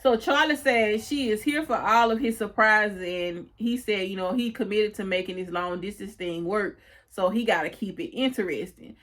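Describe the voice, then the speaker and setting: A woman's voice: medium pitch, moderate pace, a bit bright. Chatty woman recapping a TV episode. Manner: chatty retelling, peppered with "you know". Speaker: TV recap host.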